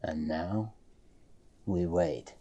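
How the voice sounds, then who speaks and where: Slow, low-voiced rambling man streamer. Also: dark tone, breathy edge. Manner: rambling, self-correcting, dry humor. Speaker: game streamer. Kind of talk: casual storytelling while streaming.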